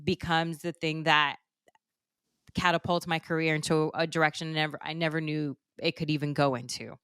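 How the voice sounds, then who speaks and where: Low-pitched, smooth-voiced woman podcast host. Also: little pitch movement, normal speed, fairly bright tone, dry recording, studio quality. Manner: emotional, gushing, laughs through tears. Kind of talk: casual podcast chat.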